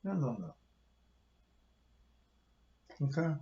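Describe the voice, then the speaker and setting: A man's voice: a little high, very animated, extremely slow, mellow. A man who is a pastor, delivering a heated, confrontational rant full of cursing to his online audience. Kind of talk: profane livestream rant. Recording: roomy, dull lo-fi sound.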